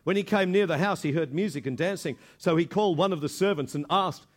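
Brief: high-pitched male preacher, lively storytelling sermon. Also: fast. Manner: animated storytelling, repeats words. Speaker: pastor.

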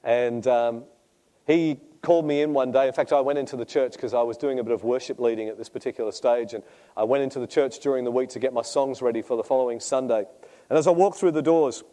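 Aussie pastor guy preaching, chatty story style, kinda warm dark voice, jokes at his own expense. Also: medium pitch, quick pace. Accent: Australian. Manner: conversational storytelling with self-deprecating humor. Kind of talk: sermon with personal testimony.

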